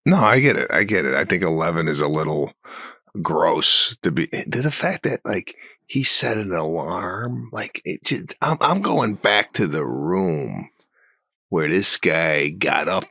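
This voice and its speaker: A man co-hosting a podcast, chatting quickly and agreeing along. His voice is very deep but bright and sharp in tone. It rises and falls a great deal, and the sound is close and dry. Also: animated, creaky, dry recording. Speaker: podcast co-host. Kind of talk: casual chat.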